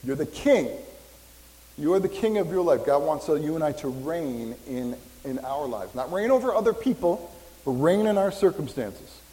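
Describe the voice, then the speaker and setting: A man's voice: on the high side, animated, normal speed, warm tone. A man in his fifties, a pastor preaching a casual, rambling sermon and joking with the congregation. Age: 50s. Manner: rambling, conversational, jokes with congregation. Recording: reverberant hall.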